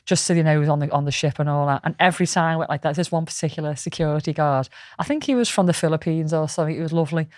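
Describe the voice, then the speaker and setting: A woman's voice: deep voice, rapid-fire, hardly any pauses, a little mellow, no echo, clean studio sound. A woman co-hosting a podcast in casual, rambling chat, swearing freely. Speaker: podcast co-host.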